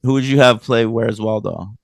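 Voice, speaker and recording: A man co-hosting a casual film review podcast, rambling and animated as he retells scenes, with lots of fillers. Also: mid-range voice, normal speed, no echo, clean studio sound. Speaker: podcast co-host.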